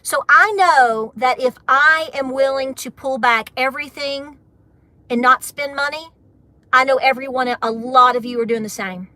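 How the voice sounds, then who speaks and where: Woman, american, live-stream host, chatty and emphatic, crisp bright tone, dry close sound. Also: sits high, moderate pace, no echo. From United States. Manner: chatty, emphatic, repeats points for stress. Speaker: homesteading channel host. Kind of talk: casual live-stream chat.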